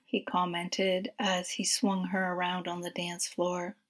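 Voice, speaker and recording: A woman narrating a story in a soft, breathy, half-whispered voice. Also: fairly low pitch, monotone, measured pace, few pauses.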